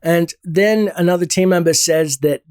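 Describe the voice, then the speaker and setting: A man recapping a comic book story in a relaxed, conversational way, thinking aloud as he goes. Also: fairly high pitch, normal speed, clear, resonant tone, no echo, studio quality. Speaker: game lore channel host.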